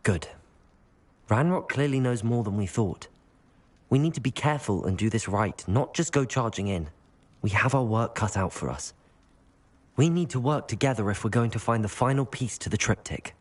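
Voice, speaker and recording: An actor playing a calm, firm young wizard student in a video game. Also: male voice, mid-range voice, normal speed, natural voice. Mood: resolute. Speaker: player character.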